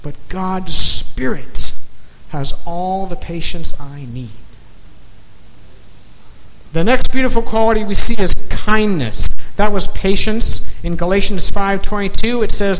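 A man preaching a sermon in slow, emphatic phrases, dropping to a near-whisper on key words. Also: high-pitched, animated. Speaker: pastor. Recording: long reverb of a large hall, faint noise.

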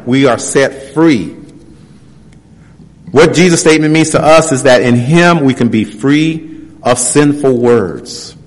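A man preaching a sermon. He reads scripture passages slowly and presses his points with rhetorical questions. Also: mid-range voice. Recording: long hall reverb.

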